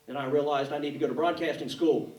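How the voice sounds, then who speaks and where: High-voiced stand-up comic in an echoey room. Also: male voice, steady tone, darkish tone. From North Carolina. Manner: quick punchy delivery with put-on voices. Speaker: stand-up comedian. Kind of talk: stand-up comedy set. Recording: echoey room, mic from a distance.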